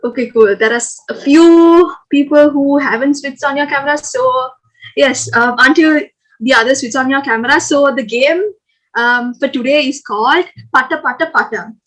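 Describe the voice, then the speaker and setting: A woman's voice: high-pitched, normal speed, low-quality recording. A young woman, hosting a casual online game for new students in a chatty, upbeat, coaxing way with many fillers. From Sri Lanka. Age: young adult. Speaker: game host at a student club orientation. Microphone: video call.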